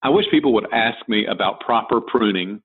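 A man's voice: lowish voice, lively intonation, brisk, husky. A man with a Southern American accent, a designer and author answering interview questions in a folksy, storytelling way. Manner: folksy storyteller, frequent restarts. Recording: tinny phone-like line.

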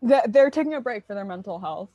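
A young woman talks casually about a fan community, giggling often and leaning on fillers. Her voice sits at a middle pitch. The recording is dry, with no room echo. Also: expressive, quick pace, dark tone. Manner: chatty, giggly, lots of fillers. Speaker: fan interviewee. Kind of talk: casual chat.

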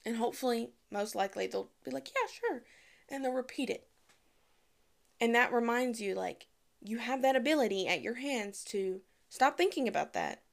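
Chatty young woman with a gravelly edge. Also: on the high side, lively intonation, moderate pace. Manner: chatty, candid, acts out quoted voices. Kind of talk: casual advice talk to camera.

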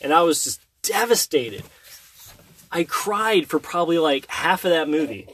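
Animated man telling a story. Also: a little high, normal speed. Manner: animated storyteller who hums tunes and acts out scenes. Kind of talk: casual chat storytelling.

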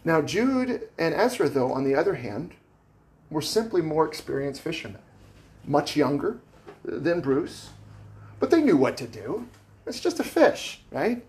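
A man's voice: a little high, sing-song, measured pace, darkish tone. A man preaching a sermon as pastor, conversational and plainspoken, with casual asides to the congregation. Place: church sanctuary.

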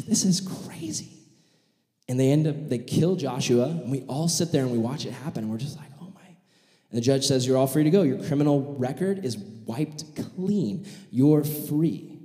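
A man preaching a sermon, telling a vivid story and acting out the voices of its characters in an animated way. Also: mid-range voice. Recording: echoey hall with long reverb.

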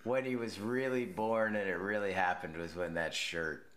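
A man's voice: lowish voice, fairly even intonation, moderate pace, fairly bright tone. A man in casual conversation, easygoing and chuckling, full of fillers as he reminisces.

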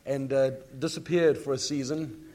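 A man's voice: medium pitch, fairly even intonation, moderate pace, darkish tone. A male pastor leads an interview on stage in front of his congregation. He coaxes his guest to keep going and fills in the story for the audience, speaking into a stage microphone. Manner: coaxing, explains to the congregation. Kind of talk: leading a church interview.

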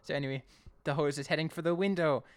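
A man casually recapping an episode as a podcast co-host, chatty and animated. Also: a little high, quick pace, clean tone, no echo, studio quality. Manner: chatty, animated storytelling with acted quotes.

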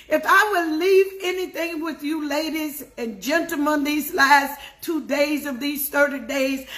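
A woman's voice: very high-pitched, bright, forceful tone. A woman preaching a fervent devotional sermon, drawing out key words and speaking to listeners by name, her voice catching with emotion at times.

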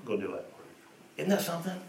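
A man preaching a sermon, telling stories and moving between hushed and emphatic delivery. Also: a little high, sing-song, brisk, gravelly, slight background noise. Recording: echoey room, voice from a distance.

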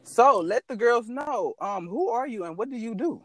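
A man's voice: extremely high pitch, expressive, normal speed, a loud crowd. A man from St. Louis hosting his podcast in casual chat, loose, profane and slangy. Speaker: podcast host. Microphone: phone call recording.

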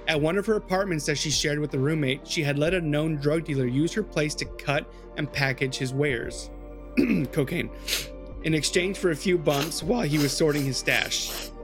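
A man hosting a podcast, telling a true-crime story in a loose, chatty way with swearing and asides to his co-host. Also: fairly high pitch.

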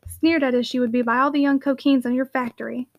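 A woman's voice: high voice, fairly even intonation, fast, dull audio. A woman voicing a fussy, temperamental spinster sister in a storybook reading, speaking petulantly and slipping in French phrases.

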